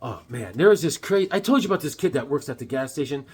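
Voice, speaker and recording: A man with a medium-pitched, slightly rough voice talks fast and animatedly as he hosts a casual comic book review. A collector running his own channel, he rambles and keeps slipping in corny jokes and asides.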